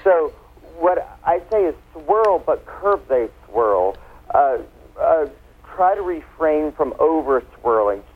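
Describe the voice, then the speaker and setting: A man's voice: on the high side, sing-song, slow. A man, a wine expert guest, explaining things in a chatty, playful way during a casual radio interview. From United States. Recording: tinny phone line.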